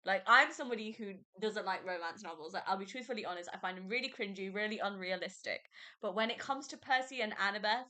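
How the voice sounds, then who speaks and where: Bright, gushing young woman. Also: mid-range voice, fairly quick. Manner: gushing, excitable, many fillers and laughs. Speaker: podcast host. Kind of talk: casual book review chat.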